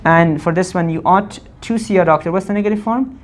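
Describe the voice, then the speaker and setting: A woman's voice: lowish voice, slight background noise. Woman teaching grammar, asking questions. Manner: asks the class questions and answers them herself; repeats and spells out forms slowly. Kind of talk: classroom grammar lesson.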